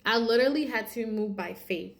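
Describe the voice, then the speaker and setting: A woman, telling a personal testimony in a casual, animated way and acting out quoted lines. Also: a little high, brisk, creaky. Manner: animated, addresses viewers as y'all, acts out quotes. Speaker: vlogger sharing a testimony.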